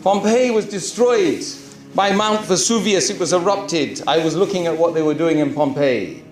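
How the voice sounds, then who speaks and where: A man, a Muslim preacher, telling his story to a live audience in an animated way, full of rhetorical questions. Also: on the high side, normal speed, echoey room, soft background music. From Britain.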